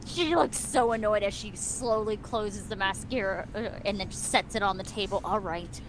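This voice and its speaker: A woman playing a tabletop game, making lively asides. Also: mid-range voice, normal speed, noisy background. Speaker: player. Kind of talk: in-character tabletop play.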